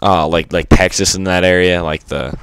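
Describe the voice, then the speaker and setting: A man's voice: low voice, little pitch movement, moderate pace, a bit bright, clear, resonant tone. A man giving unscripted gameplay commentary, rambling and stuttery with lots of fillers and casual swearing. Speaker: gaming commentator.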